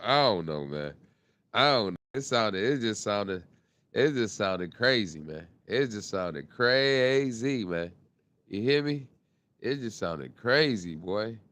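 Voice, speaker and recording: A man hosting a podcast in casual commentary, talking in with an animated, repetitive delivery. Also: low voice, slow. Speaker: podcast host.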